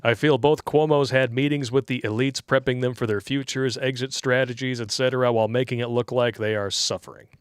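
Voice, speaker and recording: A man's voice: mid-range voice, fairly even intonation, fairly quick, few pauses, clear, resonant tone, no echo, studio quality. A man co-hosting a casual livestream, reading donor messages aloud and making crude jokes that he laughs at himself. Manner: crude joking, reads tips aloud, laughs at own jokes.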